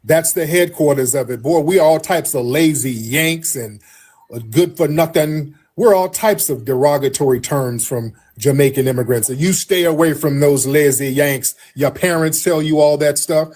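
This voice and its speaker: Guy hosting a heated argument, husky voice, keeps saying sir, slightly high. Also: moderate pace, a little mellow. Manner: insistent, calls caller "sir" repeatedly. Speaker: podcast host. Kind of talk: heated live-stream debate.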